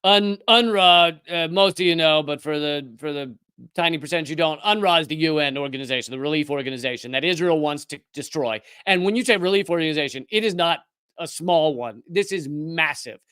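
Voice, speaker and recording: A man with a fairly high, smooth, resonant voice hosts a live commentary show. He talks in a sarcastic, rapid-fire way and restarts his sentences often. The sound is dry and close, with no room echo. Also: pushed and bright. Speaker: political commentary host. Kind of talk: live news commentary monologue.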